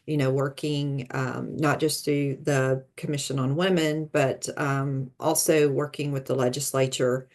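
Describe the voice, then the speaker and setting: A woman moderating an interview, asking measured questions with frequent pauses. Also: a bass voice, level tone, a little mellow.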